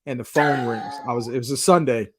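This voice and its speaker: A man co-hosting a podcast who tells long, animated stories and acts out what his friends said. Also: medium pitch, a little fast, slightly rough. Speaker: podcast co-host. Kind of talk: casual storytelling chat.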